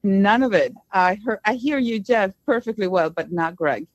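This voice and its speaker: A woman's voice: medium pitch, moderate pace, no room sound. A woman with a Spanish accent calls in over a telephone line. She speaks in careful, formal phrases, and the sound is very dry and close. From Spain. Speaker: caller. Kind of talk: phone-in chat.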